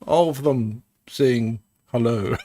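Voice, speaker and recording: A man's voice: medium pitch, very slow, a little mellow, dry recording. A man co-hosting an irreverent live commentary, sarcastic and ranting, laughing often.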